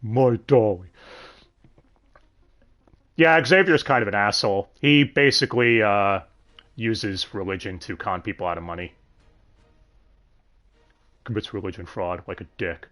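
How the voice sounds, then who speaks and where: A man hosting a casual livestream chat, animated, swearing freely and laughing often. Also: fairly low pitch, normal speed, long pauses. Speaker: podcast host.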